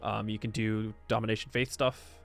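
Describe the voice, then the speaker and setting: A man's voice: fairly low pitch, little pitch movement, moderate pace, vocal fry, soft background music. A man streaming live, chatting casually and reacting to his chat as he reviews a game patch, rambling and stop-start, sometimes insistent.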